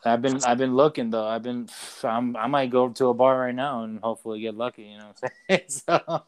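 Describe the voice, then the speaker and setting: A man's voice: medium pitch, fairly even intonation, fairly quick, smooth. A man co-hosting a podcast, telling loose stories in casual chat, full of fillers and swearing. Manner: rambling storyteller, loose and profane, many fillers. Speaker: podcast co-host. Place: away from home, calling in to the show.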